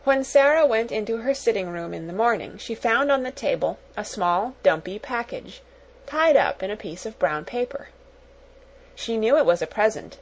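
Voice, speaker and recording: Husky-voiced woman narrating a storybook. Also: mid-range voice, low-quality recording. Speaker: audiobook narrator. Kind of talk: scripted narration of a children's novel.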